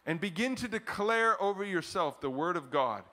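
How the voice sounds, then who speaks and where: A man in the pulpit delivers an animated sermon with a bright, forceful tone and a voice pitched a little above the usual. He swings between loud declarations and quieter stretches, then leads the congregation in prayer. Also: moderate pace. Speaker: pastor. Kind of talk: closing prayer.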